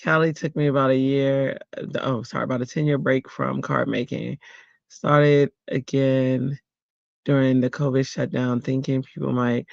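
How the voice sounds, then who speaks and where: The host of a home card-making livestream talks in a rambling, casual way, greeting viewers and filling gaps with lots of fillers. His voice is medium-pitched, level, and creaky at normal speed, and the recording is dry and muffled.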